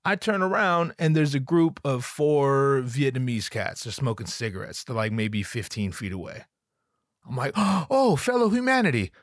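A man's voice: mid-range voice, moderate pace, no echo, studio quality. A young adult man, a comedian, telling a comedic story with stammering restarts, acting out other people's voices.

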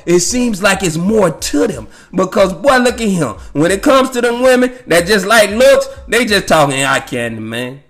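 High, lively, laughing storyteller man. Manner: profane, laughing, rambling with many fillers. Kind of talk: casual storytelling monologue.

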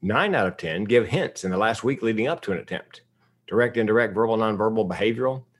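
A man in his fifties from the United States, telling a personal story in a public talk with comic timing and deadpan asides. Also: fairly low pitch, fast talker. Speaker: speaker.

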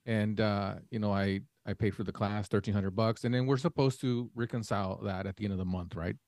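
A man's voice: lowish voice, steady tone, brisk, darkish tone, no room sound. A man co-hosting a podcast, telling a long story in casual chat and acting out the dialogue in it. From Mexican family. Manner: rambling storyteller, acts out quoted dialogue. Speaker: podcast co-host.

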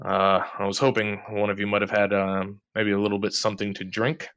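Haughty gent on the road, formal and fussy, low bright voice, a game master doing him. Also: male voice, monotone, brisk, clear, resonant tone, no room sound, lightly acted. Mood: weary. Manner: formal, fussy, mannered phrasing. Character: pompous weary male traveler, haughty gent.

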